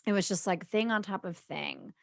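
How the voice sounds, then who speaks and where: A woman co-hosting a podcast, telling a story in a casual, animated way and laughing often. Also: mid-range voice, moderate pace, vocal fry, no echo, clean studio sound. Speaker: podcast co-host.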